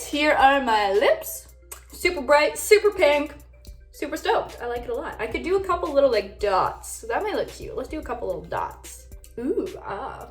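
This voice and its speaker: A bubbly, chatty young woman with a slightly high voice talks casually through her makeup routine. She is recorded on a camera mic in a roomy home space. Soft music plays faintly behind her. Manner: bubbly, chatty, frequent "like" fillers. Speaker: vlogger. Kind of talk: casual get-ready-with-me chat.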